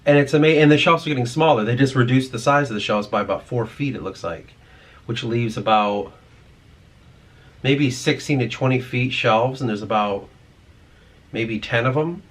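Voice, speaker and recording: A man's voice: medium pitch, normal speed. A man vlogging in a rambling, profane, ranting monologue.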